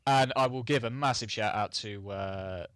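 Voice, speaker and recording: A man from southern England with a southern English accent, co-hosting a podcast and speaking in a halting, rambling way. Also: lowish voice, a bit bright, clean tone, no room sound, clean studio sound. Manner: halting, rambling, searches for words. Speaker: podcast co-host. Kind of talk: casual podcast chat.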